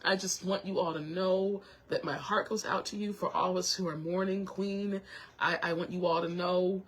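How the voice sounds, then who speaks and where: Young woman host, husky and low, choked up and halting, keeps restarting. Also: fairly even intonation. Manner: tearful, halting, many restarts and apologies. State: close to tears. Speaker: show host. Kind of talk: emotional personal talk to viewers.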